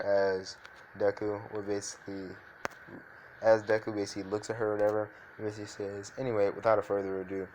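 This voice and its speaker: A young man with a low voice improvises a fan story out loud. He rambles, fills gaps with fillers and keeps correcting himself. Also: a little hiss or hum, poor audio.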